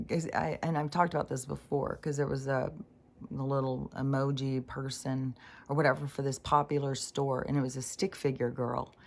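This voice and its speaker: Low-voiced lady in her 60s just talking, rambly and blunt, lots of ums. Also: gravelly, a little mellow. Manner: rambling, frank, many fillers and restarts. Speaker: spiritual channeler. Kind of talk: casual monologue.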